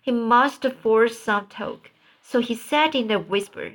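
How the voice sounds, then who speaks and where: Female storybook reader, very slow, stumbles and repeats. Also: on the high side, fairly bright tone. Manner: slow, halting, repeats words. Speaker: audiobook narrator. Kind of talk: storybook reading.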